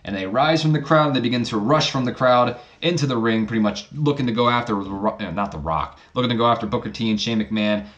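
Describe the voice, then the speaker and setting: A man's voice: medium pitch, fast, hardly any pauses, fairly bright tone, lo-fi sound. A man casually narrating a wrestling sim playthrough in a rambling, self-deprecating way. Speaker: channel host.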